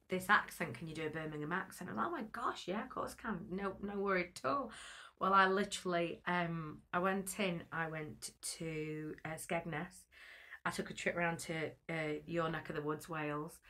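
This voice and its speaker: A woman's voice: on the low side, pushed and bright. A woman in her thirties, a guest actress in a casual interview, chatty and laughing as she acts out quotes.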